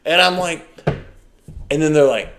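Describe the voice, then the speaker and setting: Male co-host, lively and mocking, slightly high voice. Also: slow pace. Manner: animated, mocking, acts out quotes. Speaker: podcast co-host. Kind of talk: casual chat.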